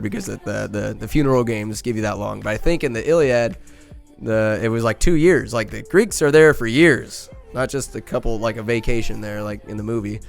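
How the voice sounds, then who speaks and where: A man's voice: mid-range voice, moderate pace, gravelly, fairly bright tone, clear, resonant tone. A man hosts his podcast with a loose, joking movie recap, rambling through fillers and crude asides. His voice sits in an ordinary middle range. Faint music plays underneath. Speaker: podcast host. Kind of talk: casual comic movie recap.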